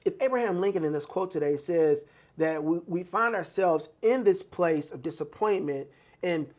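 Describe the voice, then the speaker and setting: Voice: medium pitch, animated, moderate pace, darkish tone. Reflective podcast co-host chatting. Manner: conversational, reflective, frequent fillers and restarts. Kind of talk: casual motivational chat.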